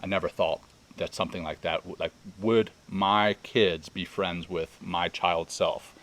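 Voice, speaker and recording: A man's voice: low voice, steady tone, measured pace, a bit bright. A man co-hosting a podcast, sharing a personal experience in earnest, emotional conversation. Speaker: podcast co-host. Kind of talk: reflective casual conversation. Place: retreat center in Costa Rica.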